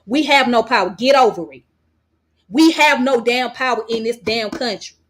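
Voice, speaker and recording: Blunt, high-voiced woman ranting. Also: moderate pace, a bit bright. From United States. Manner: blunt, profane, repeats points emphatically. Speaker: vlogger. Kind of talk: heated commentary rant.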